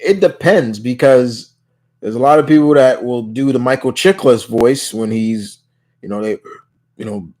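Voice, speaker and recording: A man's voice: mid-range voice, normal speed, warm tone. A man hosting a live Q&A stream in casual chat, reading out viewer questions and answering them in a rambling way, full of restarts. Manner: rambling, many restarts and "you know"s. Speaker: livestream Q&A host.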